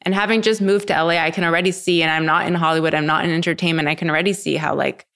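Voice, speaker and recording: A young woman hosts a relaxed interview in a very low voice with lots of vocal fry. She talks in a chatty, loose way, filling her sentences with casual likes. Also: very fast. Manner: chatty, many filler likes. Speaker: host. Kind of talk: casual chat.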